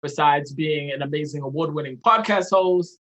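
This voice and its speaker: A man's voice: on the high side, normal speed, a bit bright. A man hosting a podcast interview, eager and agreeing, with many fillers as he talks. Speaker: podcast host. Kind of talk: casual interview conversation.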